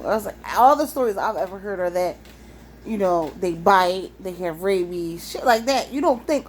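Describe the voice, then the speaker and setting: A young woman telling a wild personal story in a casual, animated, profane way, laughing often. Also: fairly high pitch, moderate pace, slight background noise.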